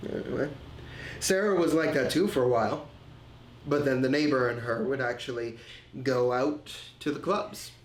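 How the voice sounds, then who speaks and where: An actor playing a remorseful man confessing his drinking and insecurity, telling it slowly and haltingly in a film monologue. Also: medium pitch, a little hiss or hum, lightly acted. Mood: reflective. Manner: slow, halting, reflective storytelling. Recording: roomy echo.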